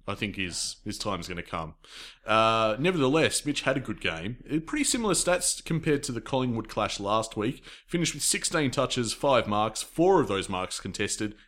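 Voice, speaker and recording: Aussie male podcast co-host, animated pitch, excitable and giggly. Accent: Australian. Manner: excitable and quick to laugh. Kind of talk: casual chat.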